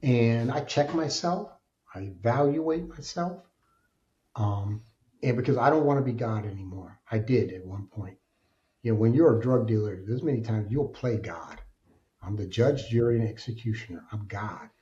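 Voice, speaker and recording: A man speaking as a podcast guest, telling his life story in an animated, emphatic way. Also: mid-range voice, moderate pace, lo-fi sound. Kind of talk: candid storytelling interview.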